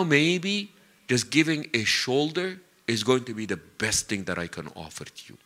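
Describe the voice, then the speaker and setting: In a fairly high voice, this man delivers a sermon full of animated stories. He uses Arabic religious phrases here and there and elongates key words to stress them.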